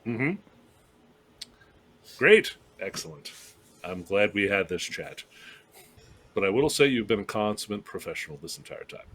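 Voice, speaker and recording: A man's voice: fairly low pitch, lively intonation, moderate pace, a bit bright, breathy edge. A man playing his character in a tabletop game, chatty and casual with a mildly sarcastic edge. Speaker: player. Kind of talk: in-character tabletop role-play.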